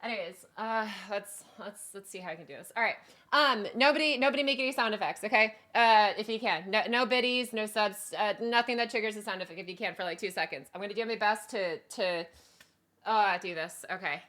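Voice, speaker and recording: A woman streamer chatting casually with her viewers, bubbly, with sudden loud squeals when she greets people. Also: medium pitch, brisk. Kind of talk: casual live-stream chat.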